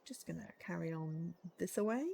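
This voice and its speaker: A woman, streaming and reading a narrative game aloud, chatty and animated with joking asides. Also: lowish voice, normal speed, creaky, a little hiss or hum.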